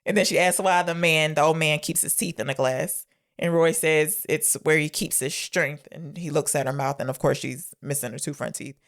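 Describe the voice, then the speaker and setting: A woman's voice: low voice, normal speed, fairly bright tone. A young woman co-hosting a casual movie podcast, retelling scenes and acting out the characters' lines. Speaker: podcast co-host. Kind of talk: casual movie review chat.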